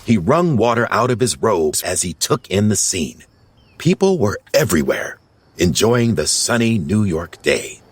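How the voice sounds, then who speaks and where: Slow, lively male storyteller. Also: on the low side, husky. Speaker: narrator. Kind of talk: audiobook narration.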